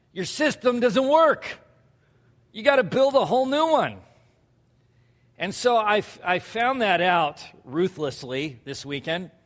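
A man in his thirties preaching a sermon, telling stories loudly and animatedly with laughs. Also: high-pitched, in a large hall. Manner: loud, animated storytelling with laughs. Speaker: pastor.

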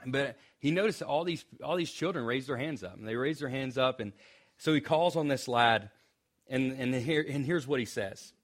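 Young male preacher, chatty sermon delivery, trips over restarts, wry asides, mid-pitched voice. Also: moderate pace. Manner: conversational, self-interrupting with restarts and asides; joking asides. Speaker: pastor.

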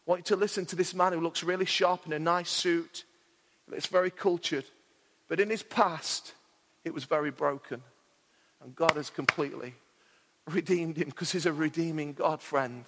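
A man's voice: a little high, normal speed, a bit bright. A man preaching a sermon as pastor, fervent with jokey asides to the congregation, heard in a church hall. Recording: hall reverb.

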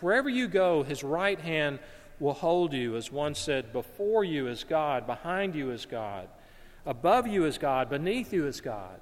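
A man's voice: a little high, big pitch swings, measured pace, long reverb tail. A man from North Alabama, preaching a sermon in an earnest manner and often repeating words as he searches for them.

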